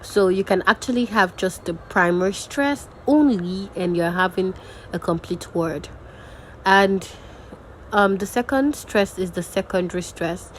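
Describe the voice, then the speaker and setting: A woman's voice: medium pitch, a little slow, a little hiss or hum, poor audio. A young woman teaching a recorded diction lesson, patiently repeating example words aloud. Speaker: diction and grammar tutor.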